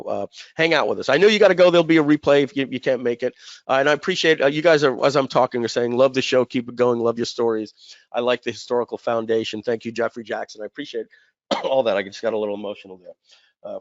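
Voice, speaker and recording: A man hosting a live webinar, telling a long story in a chatty, rambling way, with many fillers and throat clearing. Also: mid-range voice, dry recording. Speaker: webinar host. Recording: dull, dry webinar audio.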